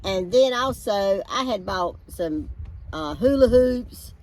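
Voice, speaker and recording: A woman's voice: medium pitch, animated, takes it slowly, darkish tone. Older woman telling rambling stories. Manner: rambling, homey storytelling. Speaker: co-host. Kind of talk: casual chat. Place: backyard, outdoors.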